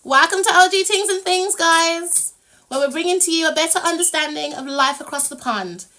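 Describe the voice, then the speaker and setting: A woman's voice: very high voice, moderate pace, bright, forceful tone. A British woman hosting a casual live stream, bubbly, laughing often and humming little tunes while she waits. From United Kingdom. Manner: bubbly, laughs a lot, hums filler tunes. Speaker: livestream host.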